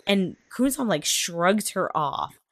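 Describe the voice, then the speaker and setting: A woman co-hosting a podcast, recapping an episode in casual chat. Her pitch swings widely as she reacts, expressive and quick to drop in laughing asides. The recording is close and dry, with no room sound. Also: no echo. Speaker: podcast co-host.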